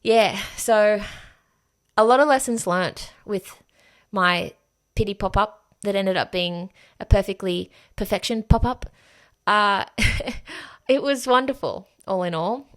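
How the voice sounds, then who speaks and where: A woman's voice: medium pitch, slow pace, fairly bright tone. A woman hosting a solo podcast, talking frankly and emphatically and swearing freely. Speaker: podcast host. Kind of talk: candid solo podcast monologue.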